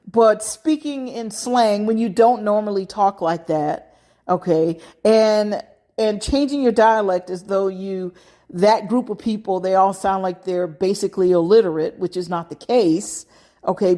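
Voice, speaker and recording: A woman's voice: medium pitch, mellow. A middle-aged American woman hosting a podcast, giving advice in a casual monologue, emphatic and punctuated with frequent "okay" asides. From United States. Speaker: podcast host.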